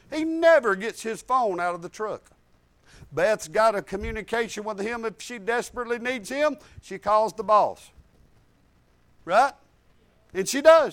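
High-voiced folksy preacher. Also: male voice. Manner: folksy storytelling, swings from loud to hushed. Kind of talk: sermon.

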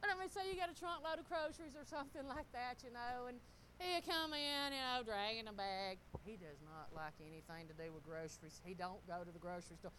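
A middle-aged woman, telling stories in a casual sermon, animated and laughing often as she talks to the congregation. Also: sits high, slight background noise, poor audio. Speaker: pastor's wife.

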